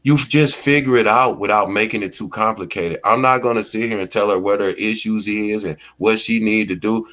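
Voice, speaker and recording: Laid-back man, low voice, AAVE. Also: fairly even intonation, normal speed, few pauses, a bit bright. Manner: laid-back storytelling, acts out quoted lines. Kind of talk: casual commentary talk.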